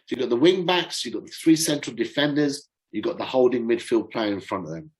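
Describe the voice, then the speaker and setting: A man's voice: medium pitch, expressive, brisk, poor audio. A middle-aged man gives casual football commentary as a fan channel host, close to the mic. His voice sits in an ordinary middle register. He rambles and chats loosely, stopping now and then to grope for a name. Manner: chatty and rambling, fumbles for names.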